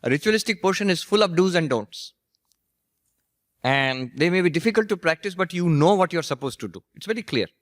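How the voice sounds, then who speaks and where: A monk and spiritual teacher giving a storytelling lecture, anecdotal and gently humorous. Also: male voice, sits high, expressive, fairly quick, dry recording, studio quality. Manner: anecdotal, gently humorous, laughs at his own stories.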